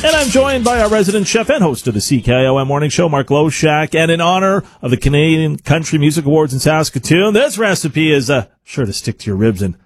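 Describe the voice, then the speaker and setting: A man's voice: a little high, very animated, brisk, few pauses, soft background music. A man hosting a live radio talk show, introducing a cooking segment with an easygoing, filler-heavy ad-lib delivery.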